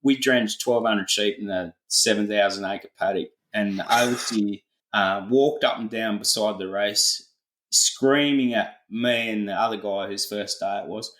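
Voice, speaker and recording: A middle-aged Australian farmer telling a laid-back story full of colloquial slang in a casual interview. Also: male voice, on the low side, normal speed, a bit bright, reverberant, low-quality recording. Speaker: farmer, podcast guest.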